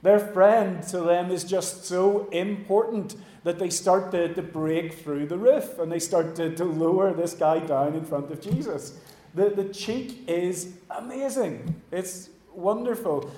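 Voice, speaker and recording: A man preaching a sermon in a church, animated, acting out the voices he quotes and dropping to a hush at the ends of phrases. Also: high-pitched, measured pace. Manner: animated, acts out quoted voices, trails off quietly. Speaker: pastor. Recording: echoey church room.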